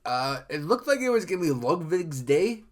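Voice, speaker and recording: A man's voice: high voice, big pitch swings, quick pace. Rambling male golf podcast host. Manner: loose and rambling, many fillers and restarts. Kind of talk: casual solo podcast chat.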